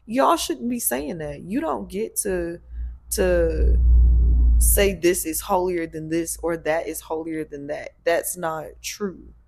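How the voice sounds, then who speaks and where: Gravelly-voiced blunt woman host. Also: lowish voice. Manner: blunt, preachy, laughs often. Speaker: podcast host and spiritual practitioner. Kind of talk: casual chat.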